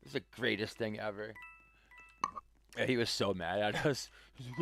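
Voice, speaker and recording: A man's voice: lowish voice, fairly quick, vocal fry, pauses often, fairly bright tone, no echo. A man streaming a game, telling a story casually, rambling with lots of "like" fillers and chuckles. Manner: rambling, full of "like" fillers and restarts.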